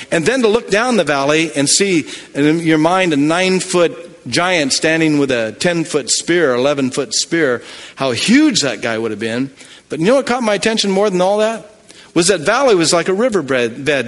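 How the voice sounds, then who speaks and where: A man tells a story from the pulpit in a folksy, animated way, slipping briefly into voices for the people in it. His voice sits somewhat high for a man. The sound rings with the long reverb of a large hall. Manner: animated, folksy retelling with quick character asides. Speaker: preacher. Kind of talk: sermon storytelling.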